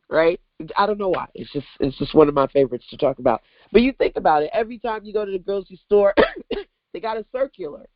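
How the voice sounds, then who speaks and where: A woman from Brooklyn hosting an online business workshop, coaching with animated, emphatic rhetorical questions over a video call mic. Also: low voice, dry recording, lo-fi sound. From Brooklyn, New York.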